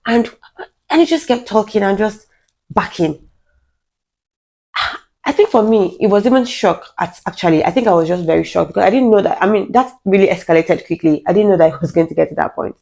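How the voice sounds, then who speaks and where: A young woman frankly telling a personal story to the camera, earnest and halting, often restarting her sentences. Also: fairly low pitch, expressive, creaky, warm tone. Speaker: vlogger.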